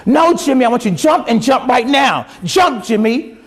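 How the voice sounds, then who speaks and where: A man acting out a desperate father's voice, pitched high and swinging wildly as he calls out to his son. The cries are urgent and loud, with a commanding edge. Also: expressive, moderate pace, husky, in a large hall, heavily acted. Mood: frantic. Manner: frantic calling, urgent commands.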